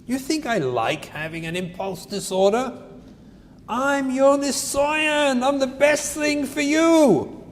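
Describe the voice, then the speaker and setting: Guy doing a kid answering his parent, kind of pleading, high lively voice, echoey hall. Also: takes it slowly, full character voice. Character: grown child speaking back to a parent, calm. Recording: echoey hall, faint noise.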